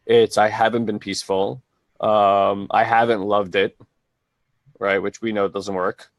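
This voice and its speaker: Male co-host, lowish voice, dry close sound, thoughtful and meandering. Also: level tone, a little slow, dry recording. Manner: reflective, searching, with many "like" and restarts. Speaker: co-host and transformation coach. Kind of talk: casual podcast conversation.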